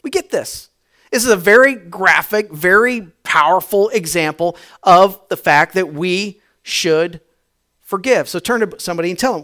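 A man preaching a sermon, telling the story dramatically, shifting between shouts and hushed tones, and putting questions to the congregation. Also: high-pitched, animated, normal speed. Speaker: pastor.

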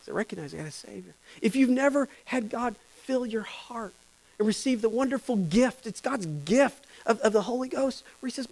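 A high-voiced male preacher delivers an impassioned sermon. He drops to near whispers and then climbs to shouting, repeating his phrases for emphasis. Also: normal speed, vocal fry, poor audio. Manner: swings from hushed whispers to loud shouting; impassioned, repetitive preaching with restarts. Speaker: pastor.

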